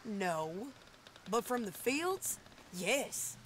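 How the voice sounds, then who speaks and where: A woman's voice: medium pitch, very animated, extremely slow, very noisy. A woman voicing a fierce, vengeful frontier outlaw woman who talks blunt and hard. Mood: grim determined. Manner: curses and shouts in gunfights, hard and blunt. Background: game music.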